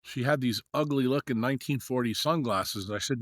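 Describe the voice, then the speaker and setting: A man's voice: mid-range voice, a little fast, no room sound, studio quality. A middle-aged man from New York, a podcast guest telling long anecdotes with many fillers and acted-out dialogue. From New York, USA. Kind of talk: storytelling in a podcast interview.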